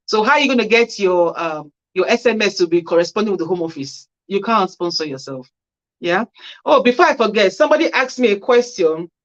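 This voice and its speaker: A woman's voice: mid-range voice, lively intonation, a little fast. Female host of a casual livestream Q&A, reading viewer comments and giving friendly practical answers; dull, lo-fi audio. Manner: reads viewer comments aloud and answers with chatty advice. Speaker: care worker hosting a Q&A livestream.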